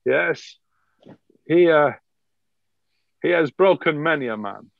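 A man's voice: fairly high pitch, animated, takes it slowly, gravelly, dry recording, muffled recording, full character voice. A man voicing a boastful nobleman with a put-on French accent. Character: pompous French-accented male duke.

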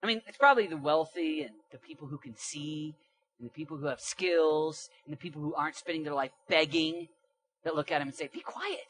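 An animated young male preacher delivers a sermon with a bright, forceful edge to his voice. He reads scripture aloud and breaks into casual slang between verses. His delivery swings from quiet asides to loud, emphatic lines. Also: fairly high pitch, brisk, a little hiss or hum. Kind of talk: sermon with Bible reading.

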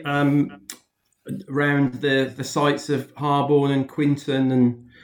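A man's voice: medium pitch, little pitch movement, slow. A man, a guest comedian chatting amiably and hesitantly, with plenty of ums. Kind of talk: casual chat. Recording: roomy echo.

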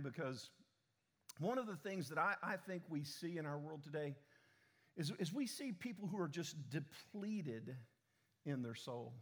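A middle-aged man preaching a sermon to a church congregation, often repeating words as he restarts, with conversational asides to the people. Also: on the high side. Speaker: pastor.

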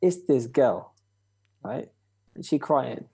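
A man's voice: mid-range voice, animated, slow, creaky, mellow, slightly rough, no echo. A young man telling a story in casual chat, acting out quoted voices with swearing and laughter.

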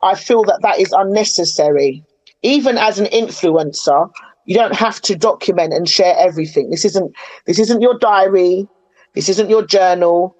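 A woman's voice: medium pitch, normal speed, a little mellow, low-quality recording. A woman in casual podcast chat, chatty and opinionated, retelling moments with animation.

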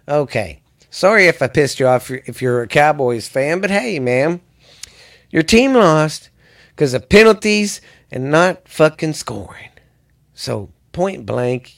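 A man's voice: a little high, animated, a little slow, vocal fry. A man hosting a sports podcast, ranting angrily and rambling with lots of cursing. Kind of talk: profane ranting commentary.

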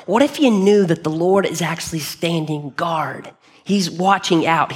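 A man preaching a sermon in a church, speaking earnestly in a conversational way and often restarting his phrases. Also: a little high. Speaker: pastor. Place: church hall.

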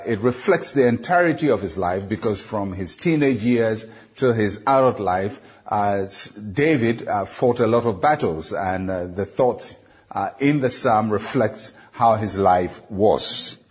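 A male pastor giving a devotional sermon, teaching in a measured way, slowing down on scripture quotes and pausing with frequent "uh" fillers. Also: lowish voice, slightly rough. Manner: frequent "uh" fillers between phrases.

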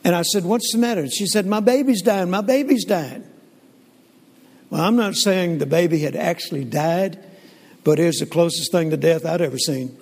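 An older man, telling stories in a folksy, animated sermon with frequent restarts. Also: on the high side, brisk, vocal fry. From Southern United States. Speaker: preacher. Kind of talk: sermon storytelling. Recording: long hall reverb.

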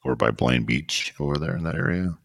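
A man's voice: extremely low pitch, fast, creaky, no echo, studio quality. A man hosting a podcast in a casual chat, rambling and joking as he gets sidetracked. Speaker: podcast host.

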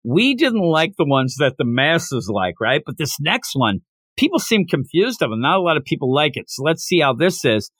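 A man co-hosting a manga podcast, chatting casually and acting out character lines in quick asides. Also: a little high, big pitch swings, fairly bright tone, breathy edge, no echo. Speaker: podcast co-host. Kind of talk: casual chat.

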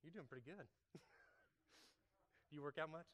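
A pastor delivering a sermon in a reverberant hall, his voice high and bright. He banters and laughs with his listeners between points. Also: moderate pace. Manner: playful, laughing, talks to congregation. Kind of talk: sermon with live demonstration.

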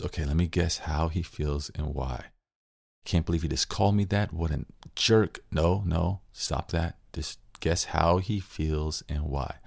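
A man's voice: deep voice, gravelly, dry recording, clean studio sound. A man hosting a podcast, talking through a couple's argument and acting out both sides. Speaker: podcast host. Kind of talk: explaining a relationship scenario.

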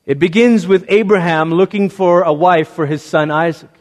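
A man with a high voice preaches a sermon in a reverberant church hall. He tells the stories in a conversational way and acts out each quoted voice. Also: normal speed, darkish tone. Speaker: pastor.

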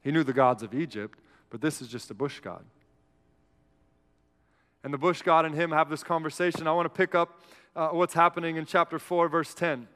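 Male pastor, fairly high smooth voice, earnest sermon delivery, long hall reverb. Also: moderate pace, long pauses. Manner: earnest, animated storytelling, acts out a whiny Moses.

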